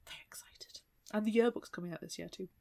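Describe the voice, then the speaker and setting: A young British woman co-hosting a casual book podcast, chatty and animated, often slipping into mock voices. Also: mid-range voice, quick pace, creaky, no echo. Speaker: podcast co-host.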